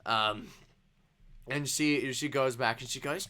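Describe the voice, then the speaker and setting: A man's voice: mid-range voice, slow, sharp tone, smooth. A man narrating a tabletop game as game master, rambling with many ums and restarts.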